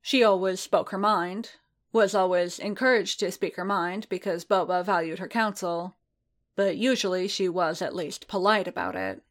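A woman reads a story aloud with even, unhurried narration. Her voice sits fairly low for a woman. She now and then restarts a phrase. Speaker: reader. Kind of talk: reading fan fiction aloud.

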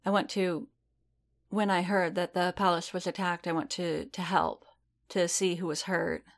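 A woman's voice: fairly low pitch, little pitch movement, moderate pace, vocal fry. A woman voicing a wary young alien dancer who talks bluntly and wryly and trails off. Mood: grieving.

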